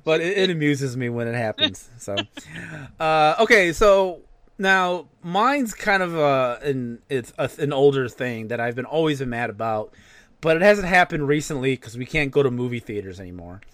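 A man's voice: mid-range voice, expressive, normal speed, a bit bright, no echo. A man co-hosting a podcast, ranting casually and swearing freely. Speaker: podcast co-host. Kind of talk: casual rant.

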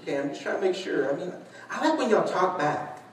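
Animated pastor, echoey hall. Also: male voice, sits high, a little fast. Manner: animated storyteller, shouts and laughs, acts out quotes. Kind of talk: sermon. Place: large church hall. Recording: echoey church hall, distant mic.

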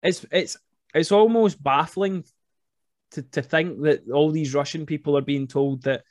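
Fired-up guy hosting a film podcast, kinda high voice, rambles w lots of "like", dry close mic. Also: measured pace, no echo. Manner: excitable, rambling, swears, says "like" a lot. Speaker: podcast host. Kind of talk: casual film chat.

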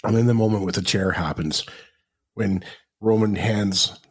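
A man's voice: on the low side, unhurried, slightly rough. A man co-hosting a podcast, retelling a match in casual chat and acting out the crowd's reactions. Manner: animated storytelling, acts out crowd reactions. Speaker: podcast co-host.

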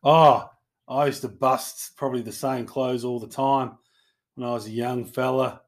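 A man's voice: medium pitch, fairly even intonation, normal speed, vocal fry. Laid-back joking Australian man. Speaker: podcast co-host. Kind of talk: casual podcast chat.

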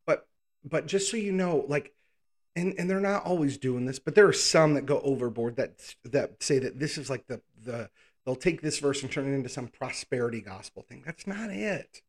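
A pastor preaching in a casual, conversational way, reading scripture and pausing to think aloud with informal asides. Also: male voice, mid-range voice, lively intonation. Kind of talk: conversational sermon, Bible teaching.

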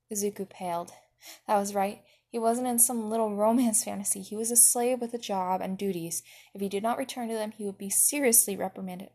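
A woman reading fan fiction aloud with expressive narration. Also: medium pitch, brisk, husky. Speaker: reader.

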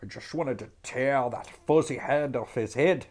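A man voicing a lecherous older man with a raspy smoker voice, drawling crude come-ons in a comedy bit. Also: medium pitch, close to an everyday voice. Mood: gruff leering. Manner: leering, crude, slow drawl.

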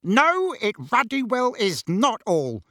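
Casting: blustering bully uncle, high and loud, swooping pitch, put on by a male reader. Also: big pitch swings, takes it slowly, dry recording, studio quality, exaggerated voice. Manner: loud, roaring and indignant. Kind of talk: audiobook character voice.

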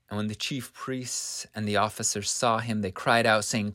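A man's voice: fairly low pitch, fairly even intonation, normal speed, hardly any pauses, a bit bright, dry recording, clean studio sound. A man teaching a scripture lesson in an earnest, vivid storytelling manner.

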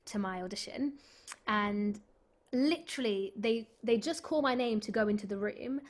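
A young woman, a stage actress, telling a story in a casual interview, chatty and animated, full of filler words. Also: mid-range voice.

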